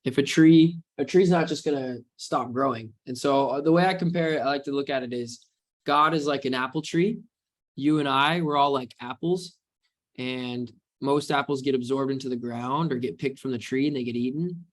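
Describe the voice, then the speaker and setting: A man's voice: medium pitch, normal speed. This is a man in the middle of a live webinar, talking to his viewers as a trading coach. His delivery is casual and meandering, with frequent "you know"s. He keeps drifting into spiritual, motivational musings. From United States.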